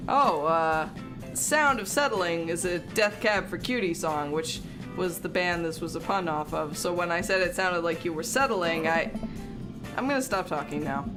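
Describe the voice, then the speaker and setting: A woman's voice: fairly low pitch, moderate pace. A woman streaming a video game, reading its dialogue aloud and chatting with viewers between lines, often breaking into giggles. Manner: giggly, chatty, reads characters with small voice shifts. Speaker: streamer playing a visual novel. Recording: game music behind the voice. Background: game music.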